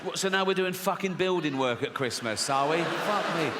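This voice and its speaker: Guy doing stand-up, swears a lot, slightly higher bright voice, big echoey hall. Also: animated, normal speed, heavy background noise. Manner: profane, mocking, acts out characters' voices. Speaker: stand-up comedian. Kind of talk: stand-up comedy routine. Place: live theatre stage with audience. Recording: reverberant venue with faint ambience.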